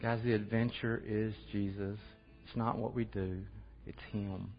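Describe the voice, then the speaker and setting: A man's voice: lowish voice, flat delivery, unhurried, soft background music. A man giving an earnest, conversational church testimony that closes in prayer. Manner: earnest, conversational, laughs at himself. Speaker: church speaker sharing testimony. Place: church hall. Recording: muffled audio with long hall reverb.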